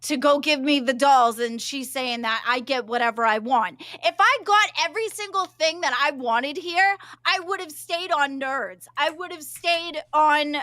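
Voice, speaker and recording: A high-voiced woman, a regular on a livestream show, talks in a heated, emphatic way. Her voice is bright and edged and goes squeaky when she gets loud. The sound is dry and close. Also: unhurried, few pauses, dry recording. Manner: worked-up, emphatic ranting. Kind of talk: livestream reaction chat.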